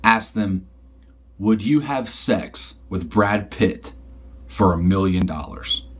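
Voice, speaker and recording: A man's voice: sits low, slow pace, slightly rough, pitched below the performer's own voice, full character voice. A man playing a lecturing dad. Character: middle-aged father, wise-cracking dad.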